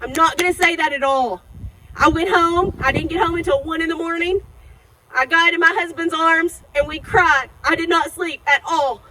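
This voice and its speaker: A woman's voice: very high-pitched, fairly even intonation, moderate pace, bright, forceful tone, rough recording. A middle-aged woman giving an emotional eulogy at an outdoor graveside, telling the story and acting out remembered dialogue. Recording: outdoor recording with passing traffic noise.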